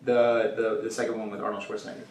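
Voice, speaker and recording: A man's voice: on the low side, level tone, fast, a little mellow, roomy sound, distant mic. A man hosting a podcast interview, casual and enthusiastic, swearing freely as he asks questions. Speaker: podcast host.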